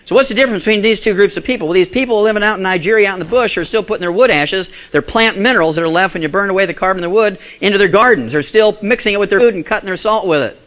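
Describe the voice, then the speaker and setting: A man's voice: sits high, racing, hardly any pauses, a bit bright. A man giving a live health lecture to an audience, folksy and emphatic, full of rhetorical questions.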